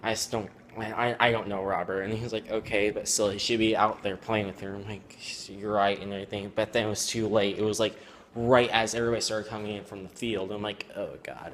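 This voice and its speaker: A teenage boy telling a personal story at home, rambling and halting with many fillers. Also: lowish voice, steady tone, slight background noise. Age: teens. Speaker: student vlogger. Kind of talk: casual storytelling.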